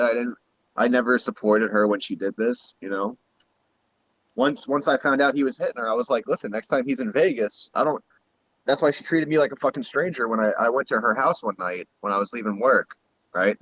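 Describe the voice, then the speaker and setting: A man's voice: mid-range voice, no echo. Heated profane man on lo-fi audio. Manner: profane, heated, animated storytelling. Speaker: guest streamer. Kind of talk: casual storytelling. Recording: muffled lo-fi audio.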